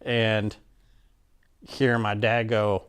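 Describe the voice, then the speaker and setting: A man telling a personal story in a casual, animated way, with many fillers and restarts and acted-out quotes. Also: on the low side, takes it slowly, clean tone. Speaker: interviewee telling his story.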